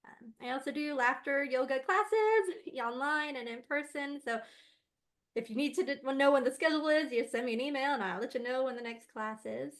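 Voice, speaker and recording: A woman's voice: high-pitched, moderate pace. A woman guest on an interview podcast, a laughter yoga teacher chatting casually and animatedly, laughing often.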